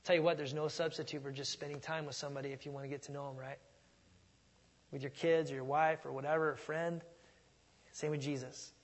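Middle-aged male pastor, slightly high husky voice, chatty sermon with loud punches, long hall reverb. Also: level tone, a little fast. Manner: conversational preaching, swings from soft asides to loud emphasis.

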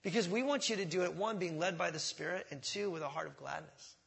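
A man preaching a sermon as pastor, in a conversational style that swells loud on key words, coughing at times, in a church. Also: on the high side, quick pace, vocal fry. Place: church sanctuary.

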